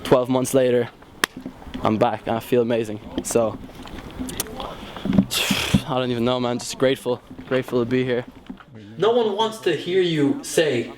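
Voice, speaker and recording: A young man talks loosely and meanders, padding his thoughts with fillers. His voice sits at an ordinary middle pitch. The room around him rings with a noticeable echo. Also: expressive, normal speed, darkish tone. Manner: casual, rambling, frequent fillers. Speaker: freestyle footballer. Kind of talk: documentary interview. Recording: roomy echo.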